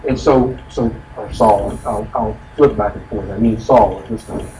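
Speaking at a moderate pace in a voice on the low side, a man teaches a laid-back Bible study, unpacking the passage folksily and peppering it with "you know" asides. The room is echoey, he's distant from the mic, and a constant noise sits behind him.

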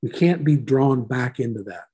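A man leading a Bible study class, reading verses aloud and explaining them in a relaxed, conversational way. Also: mid-range voice, normal speed, breathy edge. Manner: relaxed, explanatory, reads scripture aloud then unpacks it.

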